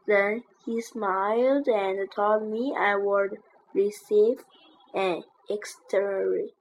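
A woman slowly reading an English textbook lesson aloud, carefully and deliberately. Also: medium pitch, steady tone, slight background noise, rough recording. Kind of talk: slow read-aloud lesson text.

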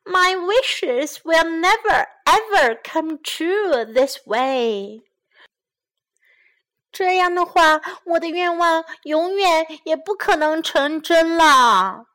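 An eager little storybook mouse cries out each wish in a high, bouncing voice, as a woman puts her on. The tone leaps up and down with excitement, and the reading stays unhurried. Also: heavily acted. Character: eager little female mouse making wishes.

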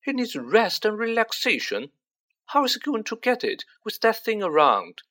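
A man doing a high, sarcastic teenage boy. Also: big pitch swings, moderate pace, pushed and bright, heavily acted. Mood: complaining.

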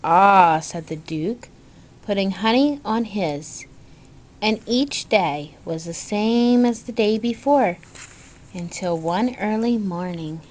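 Slow, gentle woman reading a picture book. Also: mid-range voice, lively intonation. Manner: gentle, talks to listeners about the pictures. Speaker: storyteller.

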